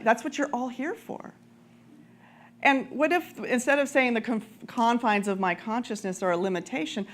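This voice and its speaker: A woman minister giving a conversational, animated sermon with frequent laughter, then leading a prayer. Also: a little high.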